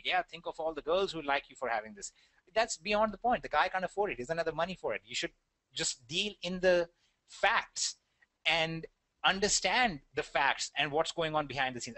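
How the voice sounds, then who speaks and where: Indian guy doing a webinar, kinda high voice, dry close sound, rambles with lots of ums. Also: pushed and bright, no echo. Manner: earnest, rambling, many fillers and restarts. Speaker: webinar presenter. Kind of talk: online webinar talk.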